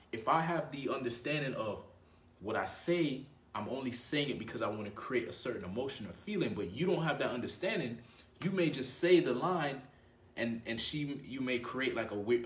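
A man's voice: mid-range voice, distant mic. Dating coach guy talking casual, slangy, lots of "right?", echoey room, sits back from the mic. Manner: conversational, frequent "right?" tag questions; slangy, addresses viewer as bro. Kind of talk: casual advice monologue. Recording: roomy, voice away from mic.

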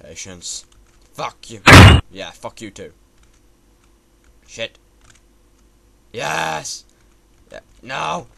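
A man's voice: lowish voice, very animated, takes it slowly, gravelly, pauses often, a little hiss or hum. A young man commentating his own platformer run in a frustrated way, swearing constantly at the game. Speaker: gamer playing a platformer. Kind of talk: swearing let's-play commentary. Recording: loud typing and keyboard clicks behind.

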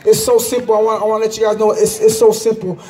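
Man, very high voice, impassioned testimony, shouting bursts, emphatic repetition, outdoors. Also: flat delivery, fast talker. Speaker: person giving a religious testimony. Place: outdoors in a public park.

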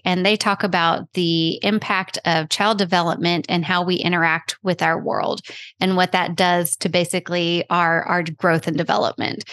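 A woman's voice: fairly low pitch, a bit bright, no echo. A woman with a Texan accent, a guest explaining her profession in a casual interview, with frequent ums. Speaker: child life specialist guest.

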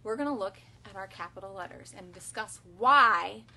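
A young woman teaching an online kindergarten lesson at home, patient and instructive, slowly modeling phrases for children to repeat. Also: mid-range voice, animated. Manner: patient, instructive, frequent gentle redirections; slow, sing-song modeling of phrases for repetition. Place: home, filmed for online class.

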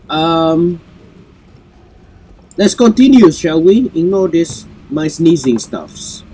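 Congested and sneezy, a man hosting a gameplay video keeps sneezing, apologizing, and chatting to his viewers while casually narrating his game. He speaks slowly with long pauses, his voice on the high side, mellow, husky, and expressive.

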